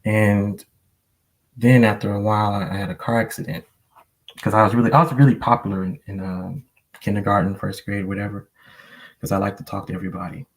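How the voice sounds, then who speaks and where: Deep-ish creaky guy, earnest rambly storytelling, lots of ums. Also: little pitch movement, fairly quick. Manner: earnest, rambling, many fillers. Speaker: panel guest. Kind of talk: personal storytelling in a panel talk.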